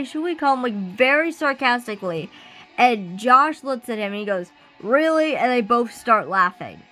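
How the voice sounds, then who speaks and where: A woman's voice: medium pitch, rough recording. A woman ranting casually in a vlog while doing her makeup at home, speaking into her own camera with lots of fillers. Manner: animated, ranting, many fillers. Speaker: vlogger. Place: at home getting ready. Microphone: camera she sets up herself.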